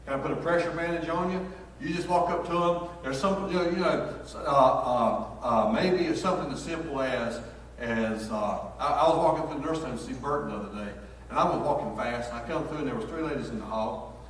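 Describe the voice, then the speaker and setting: A man's voice: mid-range voice, fairly quick, slight background noise. A man, a pastor preaching a sermon in a folksy, storytelling way. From North Carolina, USA. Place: church sanctuary. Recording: echoey hall, picked up from far off.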